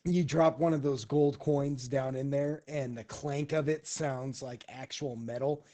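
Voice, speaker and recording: A man's voice: medium pitch, fairly even intonation, a little slow, warm tone. A man narrating a tabletop game as game master, with lots of fillers and hesitations.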